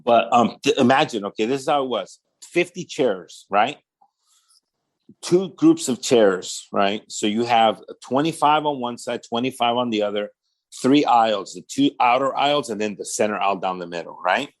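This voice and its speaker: A Southern Californian man narrates his testimony casually in an expressive, medium-pitched voice at normal speed. He acts out the voices he quotes, with "man" and "right?" scattered throughout.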